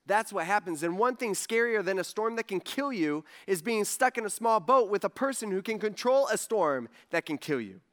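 A pastor with a high, light voice preaches to his congregation in a relaxed, chatty way. He tells the story loosely and jumps into different voices for the people in it. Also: moderate pace, few pauses. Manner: casual storytelling, acting out quotes with voices. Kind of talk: sermon.

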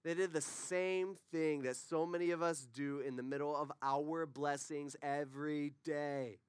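A man's voice: a little high, steady tone, a little slow, clean tone, no echo. A man preaching a conversational sermon, full of rhetorical questions and asides to the congregation.

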